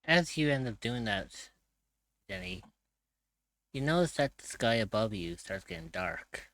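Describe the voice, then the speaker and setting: Slow-talking man as game master. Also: medium pitch, expressive, fairly bright tone, dry recording, low-quality recording. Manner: slow, hesitant, with fillers. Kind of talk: narrating a tabletop game.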